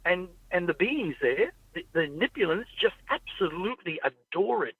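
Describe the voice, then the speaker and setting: Man, casual rambling chat, fairly high voice, tinny phone-like sound, dry. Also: expressive, moderate pace, breathy edge, no echo. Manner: rambling storyteller, acts out quoted people. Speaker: podcast host. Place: in a car.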